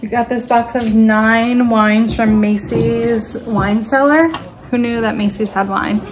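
A woman's voice: a little high, fairly even intonation, slow pace, noisy background. A young woman, a nurse, chatting casually in a vlog at home and laughing often. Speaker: travel nurse vlogger. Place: home living room.

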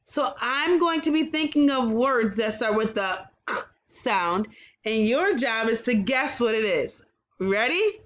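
A woman teaching a kindergarten phonics lesson, slowly sounding out words and praising the children with exaggerated, sing-song encouragement. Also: on the high side, animated, a bit bright. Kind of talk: slow, clearly enunciated phonics lesson for young children.

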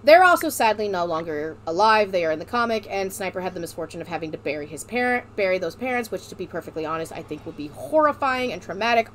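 A woman in her thirties, a streamer explaining game lore in a casual, excitable, rambling way and swearing often. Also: medium pitch, fast, hardly any pauses. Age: 30s.

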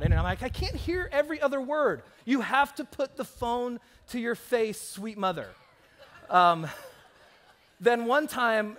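A man preaching a sermon as pastor, telling stories and acting out the voices of the people in them. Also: fairly high pitch. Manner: animated storytelling, acting out quoted voices. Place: church sanctuary.

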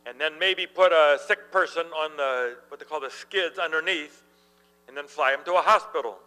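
A middle-aged man preaches in a church and tells his stories with lively energy, chuckling along the way. His voice is fairly high for a man and very bright and ringing. A low electrical hum sits under the recording. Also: moderate pace, clear, resonant tone, long reverb tail, poor audio. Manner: animated storyteller, laughs while telling. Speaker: pastor. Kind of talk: sermon with storytelling.

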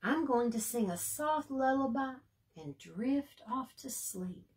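A woman voicing a sleepy, gentle raccoon who talks softly and drowsily. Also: high voice, lively intonation, slow, husky, pitched above the performer's own voice, exaggerated voice. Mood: drowsy. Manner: soft, hushed and drowsy.

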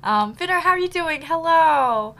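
A bubbly woman streamer chats casually with her viewers, giggling often and filling gaps with ums. Her voice sits a little high and sounds bright, and she is slightly out of breath. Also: expressive, moderate pace. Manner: bubbly, giggly, chatty with many fillers. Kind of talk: casual live-stream chat.

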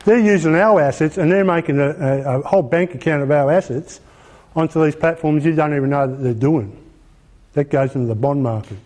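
A man's voice: on the high side, fairly quick, darkish tone. An Australian man giving an informal lecture in a colloquial, emphatic way, often asking rhetorical questions. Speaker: presenter.

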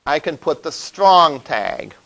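A man's voice: a little high, big pitch swings, takes it slowly, vocal fry, fairly bright tone, poor audio. A male college instructor giving a classroom lecture, explaining step by step and often checking in with "all right?". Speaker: college web development instructor.

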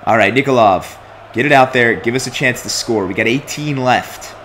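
A man's voice: mid-range voice, normal speed, a bit bright. A young man commenting on his own soccer video game play, complaining and swearing at his team. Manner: exasperated, complaining, swears often. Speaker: gaming commentator.

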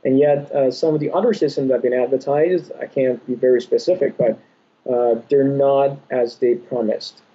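Dark husky young man explaining patiently. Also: mid-range voice, steady tone. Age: young adult. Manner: measured, explanatory, many "uh" pauses. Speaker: orthodontist guest. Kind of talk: podcast interview answers. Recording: dull lo-fi audio.

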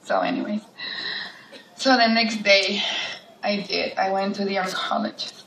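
A woman's voice: mid-range voice, sing-song, unhurried, vocal fry, a bit bright. A woman telling a personal story to an audience at a charity event, emotional and acting out the voices of others. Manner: emotional, acts out quoted voices. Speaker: cancer survivor speaking at a charity event. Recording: echoey hall from far off, faint noise.

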